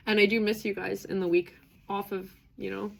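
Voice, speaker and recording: A woman's voice: mid-range voice, little pitch movement, brisk, vocal fry, a little hiss or hum. A young woman from Canada hosting a live stream, talking casually and earnestly with viewers, rambling and emotional with lots of fillers.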